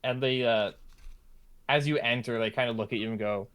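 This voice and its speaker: A man narrates a tabletop fantasy game as game master. He talks casually and loosely, with plenty of fillers, at a middle pitch. His tone stays plain and everyday. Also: brisk, fairly bright tone, clear, resonant tone.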